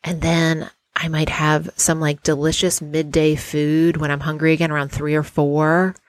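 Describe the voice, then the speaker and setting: A woman hosting a guided visualization, talking in an unhurried, dreamy way and inviting the listener to picture a perfect day. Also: low-pitched, level tone, dry recording. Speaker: host guiding a visualization exercise.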